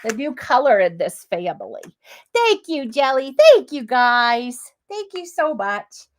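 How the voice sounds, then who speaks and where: A woman's voice: on the high side, big pitch swings, unhurried. A woman hosting a live crafting demo, chatty and gushing, talking straight to her viewers as she works. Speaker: crafting livestream host.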